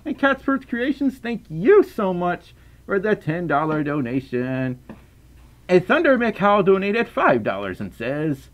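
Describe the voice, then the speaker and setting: Chatty Southern man with a lively voice. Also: high-pitched, a little slow, narrow, tinny audio. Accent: Southern US, softened. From Southern United States. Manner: stammering repeats, frequent laughter, rambling. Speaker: live streamer reading donations. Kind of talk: casual livestream chat.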